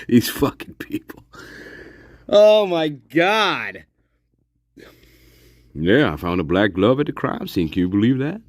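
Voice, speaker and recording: A man's voice: fairly high pitch, fairly bright tone, no echo, clean studio sound. A man hosting a casual livestream, sarcastic and profane, laughing often as he mocks. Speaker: livestream host.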